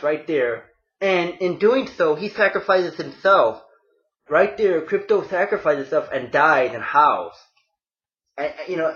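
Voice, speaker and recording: A man casually walking viewers through comic book panels, excitable and calling them folks. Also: on the high side, echoey room, dull audio. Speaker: comic book video host.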